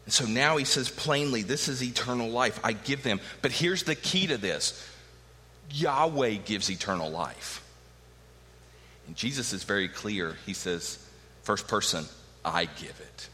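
A man's voice: mid-range voice, measured pace, pushed and bright. A middle-aged man preaching a sermon with emphatic rhetorical questions. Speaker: pastor. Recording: long hall reverb.

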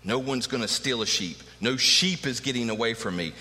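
A man's voice: medium pitch, moderate pace, bright, forceful tone. A middle-aged man preaching a sermon with emphatic rhetorical questions. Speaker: pastor. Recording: long hall reverb.

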